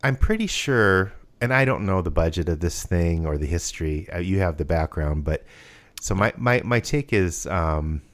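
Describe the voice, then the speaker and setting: A man with a very low voice chats casually as a podcast co-host. He rambles along, restarting sentences and filling gaps with ums and uhs. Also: lively intonation, moderate pace. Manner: rambling, hesitant, many restarts and fillers. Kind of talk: casual chat.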